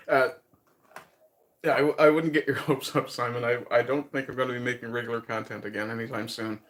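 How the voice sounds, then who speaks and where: A man's voice: medium pitch, little pitch movement, normal speed, pauses often, a bit bright. A man from Newfoundland with a light Newfoundland accent, chatting casually with viewers on his livestream, rambling and chuckling as he thinks aloud. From Newfoundland, Canada. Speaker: livestream host.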